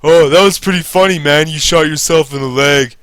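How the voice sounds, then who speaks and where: A man putting on the voice of his careless, laughing male boss, high and flippant. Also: a little fast, fairly bright tone, no echo, lightly acted. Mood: dismissive.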